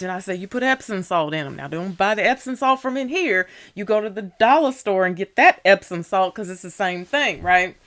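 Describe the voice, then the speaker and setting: A woman's voice: lively intonation, normal speed, few pauses, fairly bright tone. A woman telling a story casually in a vlog, chatty, with lots of "you know" and "right?". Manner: acts out dialogue with raised pitch when riled up. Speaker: vlogger.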